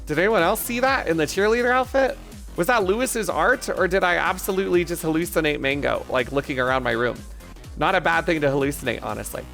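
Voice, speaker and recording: A man with a fairly high but gravelly voice chats on a live stream, joking crudely and rambling as he answers his chat. Faint music runs in the background. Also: fast, a bit bright.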